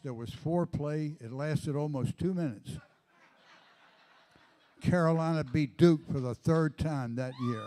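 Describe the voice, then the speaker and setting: A man in his eighties hosting a live comedy night, telling meandering deadpan stories with lots of asides. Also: medium pitch. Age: 80s. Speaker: comedy host. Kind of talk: rambling stand-up storytelling.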